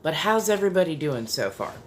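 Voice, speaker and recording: A woman's voice: deep voice, big pitch swings, fast, background noise. A tired woman who is just waking up, chatting bluntly and casually on a body-doubling livestream and swearing freely. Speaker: livestream host.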